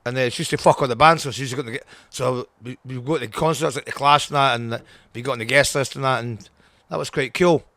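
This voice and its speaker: A man's voice: medium pitch, fast, sharp tone, no room sound. Blunt Scottish man in his sixties. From Scotland. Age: 60s. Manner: blunt, swears a lot, restarts sentences. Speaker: guest punk singer. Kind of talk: casual interview.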